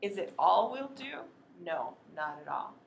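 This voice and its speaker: Woman teaching a reading workshop, low voice, gravelly, chatty and practical, roomy echo. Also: sing-song, slight background noise. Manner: practical, chatty, demonstrates sounds slowly. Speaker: literacy educator training teachers. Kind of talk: workshop explanation with demonstrations.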